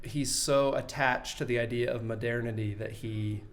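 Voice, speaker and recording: A man co-hosting a podcast, talking casually and animatedly about a film, quick to laugh. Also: mid-range voice, fairly even intonation. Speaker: podcast co-host.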